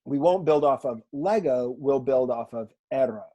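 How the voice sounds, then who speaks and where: A man teaching a recorded online language lesson in a relaxed, chatty way, with fillers and asides, from a room at home. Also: mid-range voice, moderate pace. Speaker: Greek teacher.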